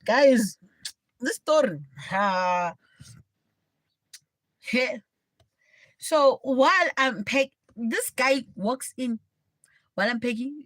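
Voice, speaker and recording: Animated young South African woman storyteller. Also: on the high side, drawn-out words, long pauses, no echo. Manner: animated, blunt and dramatic storytelling. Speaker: livestream host. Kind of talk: casual storytelling.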